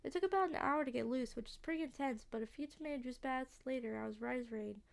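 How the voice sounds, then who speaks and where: A woman's voice: sits high, quick pace, vocal fry. A woman reading the lines of a cheerful young woman who hunts cryptids on camera, chatty and breezy.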